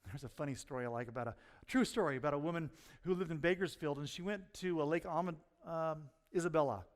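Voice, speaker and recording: A man preaching a sermon as pastor, telling stories and swinging from quiet asides to near-shouts. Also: a little high, quick pace, long reverb tail. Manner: storytelling, rising to near-shouts at punchlines. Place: church sanctuary.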